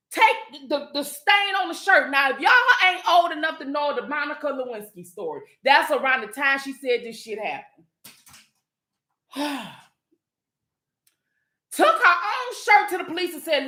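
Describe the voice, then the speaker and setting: A high-pitched woman talks in a sassy, blunt, profane rant, speaking. Her voice bounces off the walls of an echoey room. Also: pushed and bright. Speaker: channel host. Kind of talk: casual commentary monologue.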